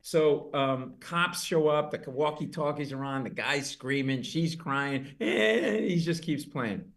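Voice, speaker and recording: A middle-aged man spinning a comic anecdote in a conversation. He tells it briskly and jumps into loud, high-pitched voices whenever he quotes someone. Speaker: comedian guest. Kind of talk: storytelling in an interview.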